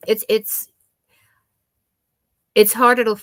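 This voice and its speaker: A woman's voice: fairly high pitch, flat delivery, takes it slowly, no echo. A woman chatting casually on her live stream, rambling with lots of fillers and restarts, her nose a little stuffy. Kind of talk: casual chat.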